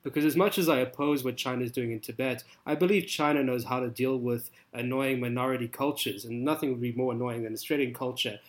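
Deadpan South African man, podcast guest. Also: mid-range voice, a little fast, few pauses. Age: young adult. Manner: dry, deadpan joking. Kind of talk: casual podcast chat.

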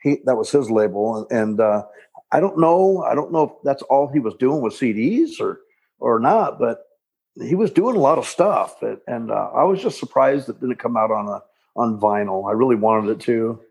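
A man, a punk singer, talking casually in an interview, rambling with halting restarts. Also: medium pitch, lively intonation, creaky, darkish tone, husky. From Southern California.

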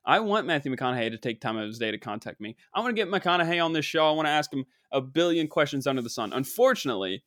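Young male host, excitable and joking, sharp bright tone. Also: on the high side, fast, hardly any pauses, dry recording, clean studio sound. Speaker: show host. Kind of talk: comedic monologue.

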